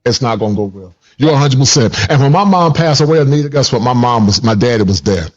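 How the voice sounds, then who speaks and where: A man in casual conversation, animated and emphatic, often saying things twice. His voice sits at a middling pitch, and the recording sounds slightly dull and lo-fi. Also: fast talker. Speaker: therapist and host.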